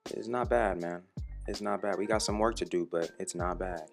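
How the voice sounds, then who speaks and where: A man's voice: low voice, moderate pace, gravelly, soft background music. A young man talking casually and profanely over footage of his own workout, joking about himself in the third person. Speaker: fitness vlogger.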